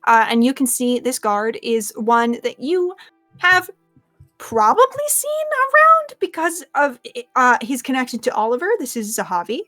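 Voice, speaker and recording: A young woman runs a tabletop game, describing scenes in a relaxed, rambling way with lots of "like" and "sort of". Her voice sits a little high, and soft music plays behind her. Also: moderate pace. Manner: casual, filler-heavy, lots of "like". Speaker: game master.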